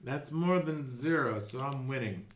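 A man voicing a boastful drunk male tavern brawler who brags loudly and slurs. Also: medium pitch, unhurried, roomy sound, slight background noise, natural voice. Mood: drunk boasting. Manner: slurred, loud, gleeful bragging.

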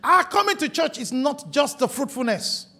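High-voiced preaching man. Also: expressive, moderate pace, gravelly. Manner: emphatic preaching, stretching and shouting key words. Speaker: pastor. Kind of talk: sermon.

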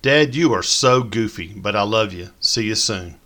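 A man reading a story, voicing an excited, peppy teenage girl who teases her father. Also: on the low side, normal speed. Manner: bubbly and teasing.

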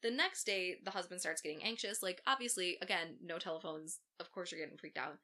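Female podcast co-host, casual true-crime storyteller, profane and sarcastic, bright forceful voice. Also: fairly low pitch, a little fast. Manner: profane, sarcastic asides while recounting facts.

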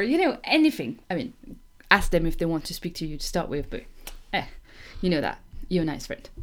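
A woman with a French accent hosting a podcast lesson, talking in a chatty way with fillers and quick self-corrections. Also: mid-range voice. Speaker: French teacher, podcast host.

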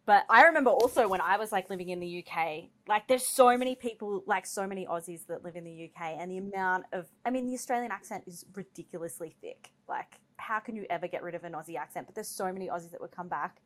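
A woman's voice: fairly low pitch, fast talker, hardly any pauses. A woman co-hosting a podcast, telling stories in casual chat with lots of fillers. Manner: animated storytelling, many fillers. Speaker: podcast co-host.

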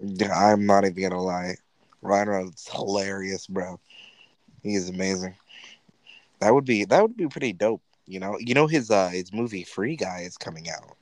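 A young man with a low, deep voice, bantering loosely as a podcast co-host. He jokes, laughs easily and tosses in "bro" often. The sound is close and dry. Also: normal speed, dry recording, rough recording. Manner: joking, laughs easily, says "bro" a lot. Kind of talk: casual chat.

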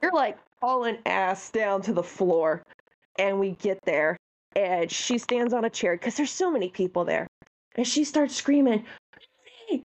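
A woman co-hosting a podcast in casual chat, an animated and heartfelt storyteller. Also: mid-range voice, unhurried. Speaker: podcast co-host.

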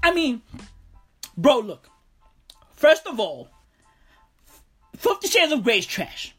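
A woman comedian rants through a stand-up bit, swearing freely and calling everyone "bro." Her voice is breathy and husky, and it sits fairly high. She takes her time, but her pitch jumps around a lot. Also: big pitch swings, slow pace, soft background music. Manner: profane, rambling, calls everyone "bro". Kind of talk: stand-up rant.

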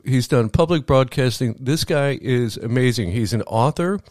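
A man co-hosting a weekend radio show, chatty and excitable, stumbling over his words at times. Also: mid-range voice, normal speed, dry recording, clean studio sound. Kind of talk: casual radio chat. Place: small home studio. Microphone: studio mic.

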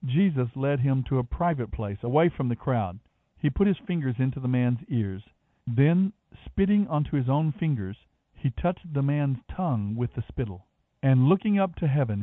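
A man reading a Bible passage aloud in a measured, expressive way, as the program's reader. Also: medium pitch, dry recording. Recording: dry, phone-like narrow sound.

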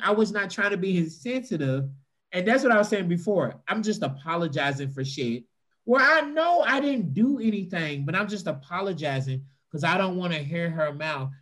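A man telling a funny, profane story to an audience and mimicking other people's voices. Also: normal speed. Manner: animated, profane, mimics voices in a high pitch. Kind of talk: stand-up storytelling.

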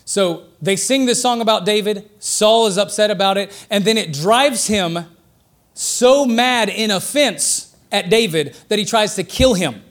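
A man preaching a sermon in a conversational, joking way, getting louder and quicker when he makes a point. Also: sits high. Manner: conversational and joking, rising excitedly for emphasis.

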